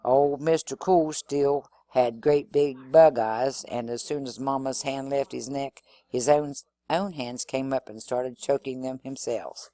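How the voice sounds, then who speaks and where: A man reading a novel aloud in an expressive first-person storytelling manner. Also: mid-range voice, unhurried, hardly any pauses. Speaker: reader.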